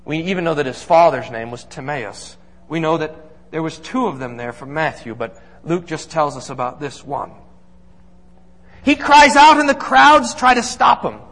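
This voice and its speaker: A pastor delivers an earnest, emphatic sermon, building his points through repeated lists. His voice is on the high side, animated and fairly bright, at a moderate pace, with the long reverb of a large hall around it.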